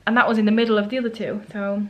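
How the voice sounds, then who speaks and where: Talking rapid-fire in a level, mid-range voice, a woman vlogs her solo trip from a holiday rental flat. She chats casually to the camera and acts out what people told her, and the recording's highs are cut off.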